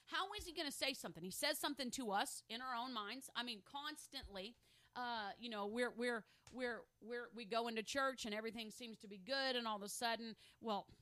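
Bright-voiced fervent woman preacher. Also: on the high side. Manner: fervent, checks in with "okay?" and "amen?"; builds from reflective to loud emphatic declarations. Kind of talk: sermon.

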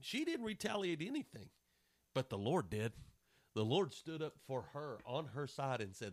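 A man's voice: mid-range voice, sing-song, normal speed, dry recording. A man preaching a sermon, passionate and acting out the voices of people in his examples. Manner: impassioned, acts out voices of people and scripture.

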